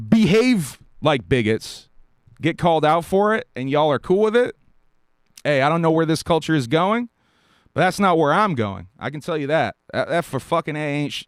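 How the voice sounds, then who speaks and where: A man's voice: on the high side, animated, normal speed, clean tone, no room sound. A man from South Carolina hosting a live stream, ranting bluntly and profanely with short laughs and a dry mouth. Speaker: podcast host. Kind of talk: live-stream commentary rant.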